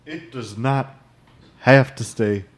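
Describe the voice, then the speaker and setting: A man's voice: medium pitch, slow. A man performing improvised comedy, rambling in a flustered, theatrical way. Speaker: comedian playing an officiant.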